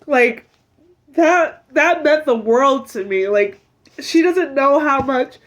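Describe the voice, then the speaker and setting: A young woman in her twenties tells a deeply personal story in a high voice. She speaks in a heartfelt, searching way, leaning often on "like" and "um". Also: animated, slow pace. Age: 20s. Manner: heartfelt, fills speech with "like" and "um". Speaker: vlogger sharing a personal story. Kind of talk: emotional personal testimony.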